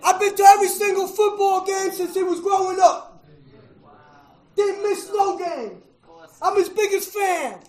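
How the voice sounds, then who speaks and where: High-voiced man giving emotional testimony. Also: a little slow, pauses often, echoey room, poor audio. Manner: emotional, swings from hushed to shouting; preacher-like, repeats phrases, says "man" often. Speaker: recovery speaker at a fellowship meeting. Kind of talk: personal testimony to an audience.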